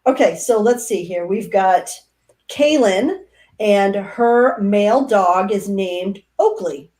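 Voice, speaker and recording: A woman hosting a livestream, giving instructions and reading viewer comments in a steady manner. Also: medium pitch, slow. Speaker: livestream host.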